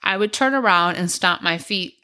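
This is a young woman from the United States, talking through her childhood memories on her own show. Her voice sits a little low, and her casual, rambling delivery is full of ums and you-knows. She keeps an easygoing storytelling flow. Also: moderate pace, bright, forceful tone. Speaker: podcast host.

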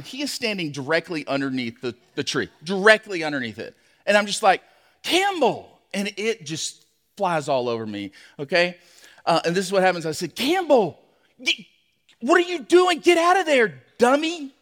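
Male pastor, high voice, animated storyteller; sermon in a reverberant hall. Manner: animated storytelling, acts out his own shouts.

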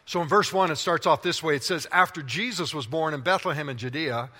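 A male pastor preaches in a large church hall, his voice bright and a little high, and it rings with a long reverb. He is playful and animated, and he keeps talking straight to the people in front of him. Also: fairly quick. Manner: animated, playful, talks directly to the congregation. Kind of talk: sermon.

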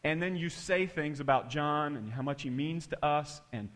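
A man preaching a sermon through an animated, emphatic personal story. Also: on the high side, moderate pace. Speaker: pastor.

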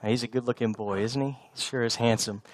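A man's voice: mid-range voice, steady tone, fast, dry recording. A man in his thirties preaching a sermon as a pastor, telling stories with humor and a slightly congested voice. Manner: storytelling with humor, frequent restarts. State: slightly congested from a sinus infection. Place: church sanctuary.

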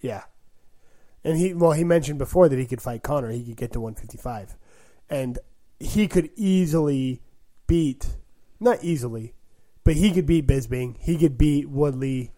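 Mellow-voiced man talking sports casually. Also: mid-range voice. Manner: quick reactions, thinking aloud through scenarios. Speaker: podcast co-host.

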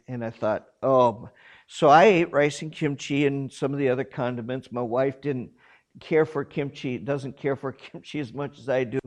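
A man who grew up in South Korea, a missionary telling a funny anecdote and acting out the people in it. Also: a little high. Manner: animated anecdote with quoted voices, chuckling. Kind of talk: storytelling talk.

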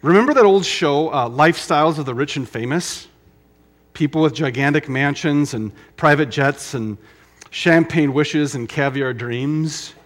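A middle-aged man preaching a sermon, emphatic, with dramatic pauses and repetition. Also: a little high. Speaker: pastor.

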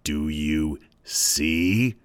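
Guy doing a super deep sneery rotting pig head demon, slow and menacing, dry close sound. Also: clear, resonant tone, no room sound, heavily acted.

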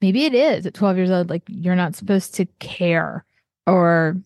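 Low-voiced woman, rambling heartfelt chat. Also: a little slow, a little mellow, no echo, clean studio sound. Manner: rambling and heartfelt, many fillers and restarts. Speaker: artist. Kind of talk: casual personal monologue.

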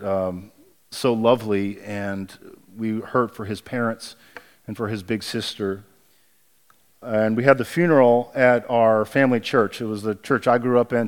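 Earnest pastor telling a story. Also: male voice, fairly low pitch. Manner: hushed and halting in sad memories, rising and emphatic when preaching. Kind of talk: sermon with personal storytelling.

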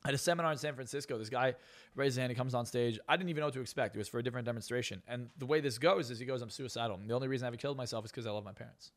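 A man's voice: mid-range voice, racing. A man who is a hypnotist and coach, guest on a podcast interview, talking bluntly and profanely with lots of emphasis.

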